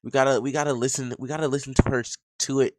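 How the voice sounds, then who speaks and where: A woman's voice: very deep voice, fairly even intonation, very fast, a little mellow, no room sound. A woman streamer reacting live to clips, talking to her chat in a casual, slangy way.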